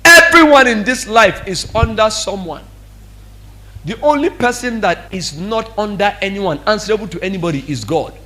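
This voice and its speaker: High, lively man preaching. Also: moderate pace. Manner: animated, acts out quoted speech. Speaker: pastor. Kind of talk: sermon.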